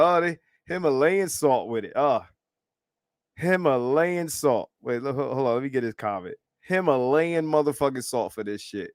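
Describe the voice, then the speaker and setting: Male livestream host, profane live commentator, slow unhurried delivery, dry close sound. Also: medium pitch, clear, resonant tone, no echo. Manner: profane, animated and repetitive, laughs often. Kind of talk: casual live commentary reacting to clips.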